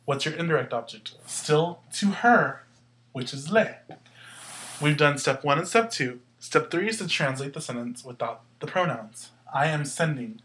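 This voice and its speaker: A man's voice: fairly high pitch, animated, moderate pace, a bit bright. A man teaching a Spanish grammar lesson, explaining patiently step by step and asking questions as he goes.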